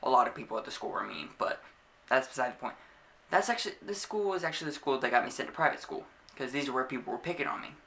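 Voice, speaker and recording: A man's voice: mid-range voice, expressive, fast talker, gravelly, sharp tone. A young man vlogging a casual storytime to camera, laughing often and acting out the scenes as he tells them.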